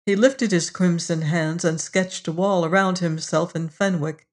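A narrator reading a story aloud in a slow, measured storytelling manner. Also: mid-range voice, fairly even intonation. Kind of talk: audiobook reading.

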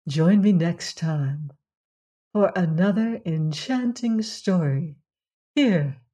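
A woman storyteller hosting a show, reading a fairy tale in a calm, measured way. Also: lowish voice, slightly rough. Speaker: storyteller host.

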